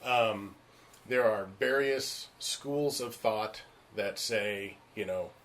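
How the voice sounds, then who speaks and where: A man's voice: on the low side, slow. A male actor telling stories in casual chat, frank and emphatic, acting out the voices of the people he talks about. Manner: animated, acts out the voices of people in his stories. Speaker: stage and screen actor.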